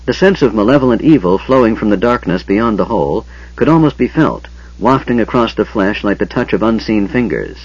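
A man reading a fantasy audiobook aloud in an expressive, dramatic storytelling manner. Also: on the low side, a little fast, slightly rough, dry recording. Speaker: audiobook narrator. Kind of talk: scripted audiobook narration. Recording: dull lo-fi audiobook recording.

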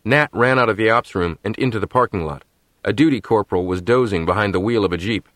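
A man narrating an audiobook in a measured, steady storytelling manner. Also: on the low side, no room sound. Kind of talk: scripted narration.

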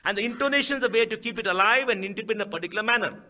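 Indian guy speechifying, high voice, keeps hammering points with questions. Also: racing, sharp tone. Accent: Indian English. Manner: emphatic, rhetorical questions, repeats key phrases. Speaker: speaker at a book event. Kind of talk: public speech.

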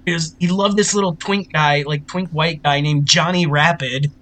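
A man's voice: on the high side, steady tone, normal speed, a bit bright. A young man recapping a film in casual, profane chat, laughing often as he tells it.

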